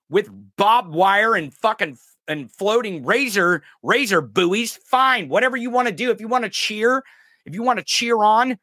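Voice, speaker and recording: Male host with a high, bright voice, delivering sarcastic, profane political rants. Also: no echo, studio quality. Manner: profane, angry and sarcastic ranting. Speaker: podcast host. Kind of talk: political commentary rant.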